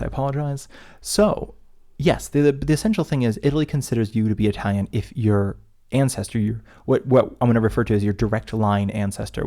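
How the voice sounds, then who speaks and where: This American man co-hosts a podcast, and his voice is on the low side with a warm tone. His casual chat is rambling and chatty, and he often breaks off mid-sentence to interrupt himself.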